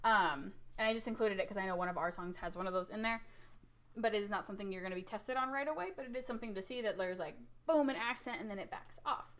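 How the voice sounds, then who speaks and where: A woman music teacher giving a casual recorded lesson, lively and chatty, often asking "right?" and showing loud and soft with her own voice. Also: mid-range voice, fast.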